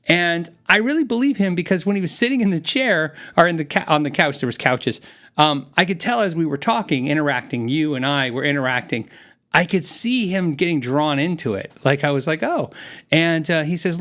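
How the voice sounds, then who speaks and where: A man's voice: a little high, lively intonation, fairly quick, fairly bright tone. A man hosting his own live podcast, chatting casually and rambling through a story with frequent laughs, speaking into a studio mic while wearing headphones. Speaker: podcast host. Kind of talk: casual live-stream chat.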